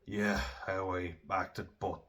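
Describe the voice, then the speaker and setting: Man, Irish accent, young adult, low-pitched, casual, sweary, self-deprecating. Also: little pitch movement, slow pace, fairly bright tone. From Ireland. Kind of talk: candid personal storytelling.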